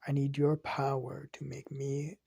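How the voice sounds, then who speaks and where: Casting: scheming trickster god, quiet and insistent, done lightly by a narrator, dry and husky. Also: mid-range voice, completely flat delivery, measured pace, no echo, full character voice. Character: scheming trickster god Loki bargaining for power.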